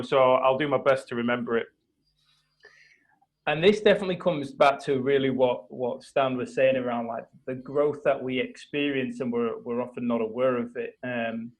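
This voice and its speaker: A man hosting a live video call, retelling a story with lively acted-out quotes and a few restarts. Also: medium pitch, moderate pace, low-quality recording. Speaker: host of a mastermind call.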